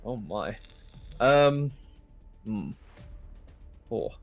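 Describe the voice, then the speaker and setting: A man playing a tabletop game, relaxed and casually swearing. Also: fairly low pitch, very slow, pauses often, no echo, soft background music. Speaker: player.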